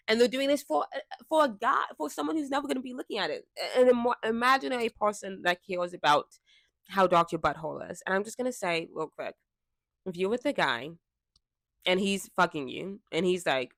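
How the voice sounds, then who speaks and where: A young woman talking casually and frankly to a fixed camera, chatty and quick to laugh. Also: fairly low pitch, animated, a bit bright, no echo, clean studio sound. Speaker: vlogger. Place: indoors, seated before a fixed camera. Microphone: camera mic.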